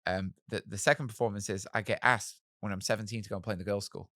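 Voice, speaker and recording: Interview guest: man, animated and candid, dry close-miked voice. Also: lowish voice, fast talker, dry recording. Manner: candid, self-mocking, animated storytelling with many fillers. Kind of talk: storytelling in a podcast interview.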